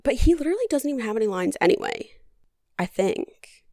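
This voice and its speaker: A woman's voice: a little high, sing-song, brisk, dark tone, dry recording. A woman hosting a podcast, recapping a movie in a chatty, casual way with dry, sarcastic humor and a lot of "like". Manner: chatty, heavy on "like". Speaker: podcast host.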